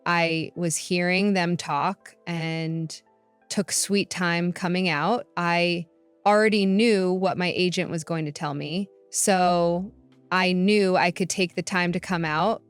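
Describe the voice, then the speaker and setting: Brief: woman story narrator, lowish smooth voice, dry close sound, faint music behind. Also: no echo. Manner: even, matter-of-fact storytelling. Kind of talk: scripted first-person story narration. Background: faint background music.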